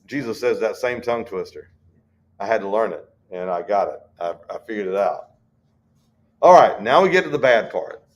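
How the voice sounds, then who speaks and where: A man teaching a Bible study, folksy and conversational, reading scripture slowly. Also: lowish voice, lively intonation.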